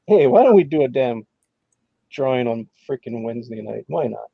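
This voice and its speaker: A man's voice: mid-range voice, expressive, normal speed, gravelly, husky, no echo. A man co-hosting a casual livestream chat in a laid-back way, urging viewers to share the show. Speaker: co-host. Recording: dry, dull lo-fi sound.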